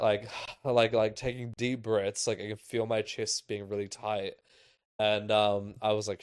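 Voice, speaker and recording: Low-voiced young man telling a story. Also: steady tone, moderate pace, smooth, no room sound. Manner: loose, filler-heavy storytelling with lots of "like". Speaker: podcast host. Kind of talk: casual storytelling.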